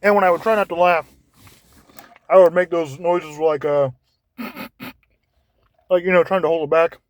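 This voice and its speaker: A man talking in a casual monologue, halting and often repeating words as he searches for how to phrase things. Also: a little high, steady tone, no room sound.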